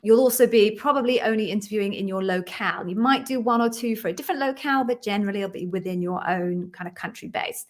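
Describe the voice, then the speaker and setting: A middle-aged woman from London hosting a live stream, chatting warmly with viewers and greeting each by name before explaining her work as an interview coach. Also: mid-range voice, quick pace, few pauses. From London, England.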